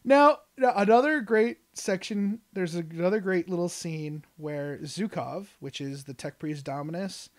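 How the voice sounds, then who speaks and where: Excited podcast cohost rambling about a book they loved, lots of um and like, laughs a lot. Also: mid-range voice, measured pace, few pauses. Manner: enthusiastic, rambling, laughs often. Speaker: podcast co-host. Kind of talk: casual chat.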